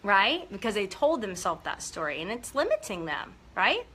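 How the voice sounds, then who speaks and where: A woman business coach talking casually and excitedly to viewers on a live video and calling out their names. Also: mid-range voice, moderate pace, slightly rough. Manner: upbeat, gushing, talks to viewers by name.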